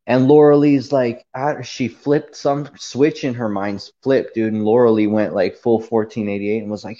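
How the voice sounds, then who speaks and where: A man tells a long story on a livestream in a heated, profane, meandering rant, full of fillers and asides. His voice sits in a middle pitch. The recording is dull and lo-fi. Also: normal speed, hardly any pauses, dark tone. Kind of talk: casual ranting monologue.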